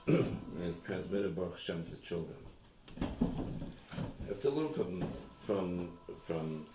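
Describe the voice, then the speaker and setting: Halting rabbi teaching in an echoey room. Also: male voice, low-pitched, vocal fry. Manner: halting, restarts and repeats phrases, mixes in Hebrew terms. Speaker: rabbi giving a Torah class. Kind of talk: informal Torah class in a home. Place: room in a private home. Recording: echoey room, distant mic, faint noise.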